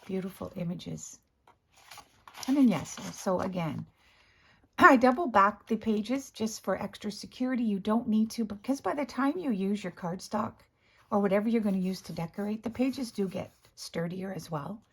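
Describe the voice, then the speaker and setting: A woman with a hoarse morning voice, chatting casually as she shows her craft work, often clearing her throat and correcting herself. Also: medium pitch, normal speed. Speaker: craft video host. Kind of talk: casual crafting show-and-tell.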